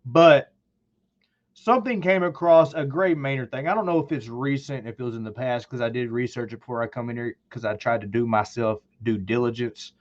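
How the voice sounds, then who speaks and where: A man's voice: medium pitch, steady tone, fairly quick, lo-fi sound. A man hosting his channel, ranting bluntly and heatedly about sports, swearing and rambling. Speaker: channel host.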